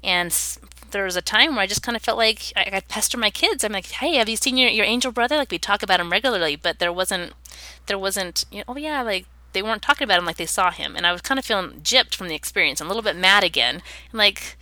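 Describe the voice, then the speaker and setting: A woman's voice: mid-range voice, fast, few pauses, pushed and bright, dry recording. A woman in her thirties, an interview guest, telling a personal story in an earnest, reflective way.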